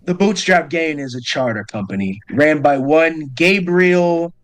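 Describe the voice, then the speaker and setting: A man's voice: a little high, a little slow. Man narrating a tabletop game, full of restarts. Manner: hesitant, restarting phrases. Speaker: game master.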